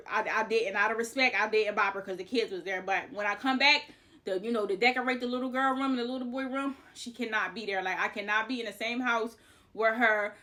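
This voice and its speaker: A woman tells a personal story in a casual, animated way. Her voice is bright and a touch high, with a forceful edge. She leans on fillers and curses freely as she talks. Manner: animated, chatty, swears freely. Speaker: vlogger, house painter.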